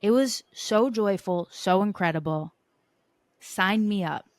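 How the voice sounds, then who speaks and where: A woman hosting a podcast, telling sports stories in an animated, playful and profane way. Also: medium pitch, slow pace, no echo, clean studio sound. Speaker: podcast host. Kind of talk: casual sports chat.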